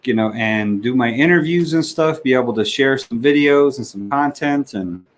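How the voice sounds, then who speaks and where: A man hosting a livestream, chatting casually and haltingly as he thinks aloud with frequent fillers. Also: mid-range voice, rough recording. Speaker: livestream host. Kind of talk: casual stream setup chat.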